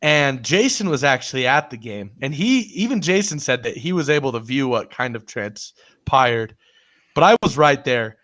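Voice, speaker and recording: A man's voice: on the high side, fairly bright tone. A man co-hosting a casual sports chat, telling a story with frequent laughs. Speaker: podcast co-host.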